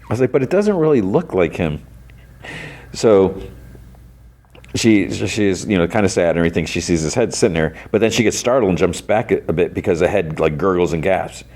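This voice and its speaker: A man's voice: low voice, brisk, darkish tone, slight background noise. A man hosting a podcast, retelling an episode in a casual, rambling way full of "like" and restarts. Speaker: podcast host.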